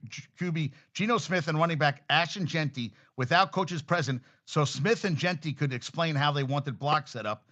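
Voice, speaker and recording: A man hosting a solo sports podcast, ranting angrily and profanely, swinging between loud outbursts and low mutters. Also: dull audio.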